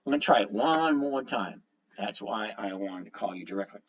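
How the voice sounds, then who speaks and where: A man's voice: fairly low pitch, animated, normal speed, muffled recording. A man hosting a casual livestream from home, greeting viewers by name and reading their comments aloud. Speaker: livestream host.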